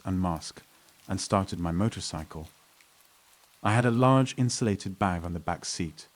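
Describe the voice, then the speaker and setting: A man with a deep, low voice reads a first-person horror story. His narration is scripted and steady, paced evenly like a storyteller.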